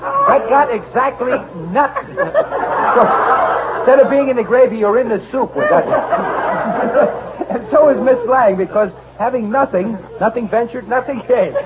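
A man hosting a comedy panel on radio, brisk and jokey. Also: very high-pitched, animated, over a noisy crowd. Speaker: radio show host. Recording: tinny, noisy old radio broadcast.

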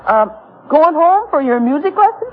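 A bossy schoolboy bully. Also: female voice, sits high, big pitch swings. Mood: mocking. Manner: bossy, mocking, quick to give orders. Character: brash scheming schoolboy ringleader. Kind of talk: 1940s radio acting. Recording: muffled old radio broadcast.

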